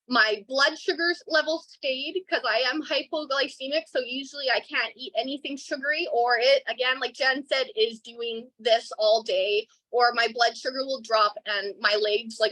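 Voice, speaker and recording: Young woman gushing about how good she feels, high bright voice, dry close sound. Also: dry recording, rough recording. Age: 20s. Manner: earnest and emotional, rambling. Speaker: customer giving a testimonial. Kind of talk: casual online call testimonial.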